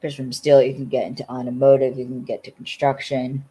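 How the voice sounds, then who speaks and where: With an extremely low, husky, dark voice, this podcast co-host from western Pennsylvania talks a little fast in a flat delivery. She rambles through a recap of a TV episode, leaning on "like" and "you know," and the audio quality is poor.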